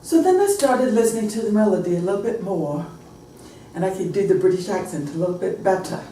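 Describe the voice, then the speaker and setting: A mid-range, fairly quick voice belongs to an American woman teaching pronunciation, storytelling with energy and performing example phrases. Captured from afar in an echoey room, the audio carries a little hiss or hum.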